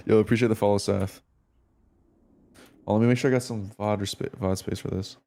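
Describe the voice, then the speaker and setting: Laid-back, low-voiced male game streamer. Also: brisk, vocal fry, long pauses. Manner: relaxed, slangy, swears, thinks aloud to chat. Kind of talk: casual live-stream commentary and demo review.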